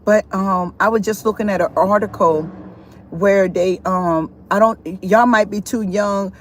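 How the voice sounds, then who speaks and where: A woman's voice: medium pitch, fairly even intonation, measured pace, slight background noise. A middle-aged woman hosting a live stream as a spiritual therapist, talking in an earnest, repetitive, preachy and rambling way. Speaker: livestream host, self-styled spiritual therapist.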